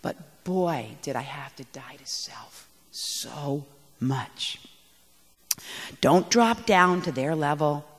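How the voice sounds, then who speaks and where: A woman giving a talk on parenting to an audience, animated, emphatic and poking fun at herself. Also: deep voice, takes it slowly, husky. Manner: animated and emphatic, self-mocking. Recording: echoey hall.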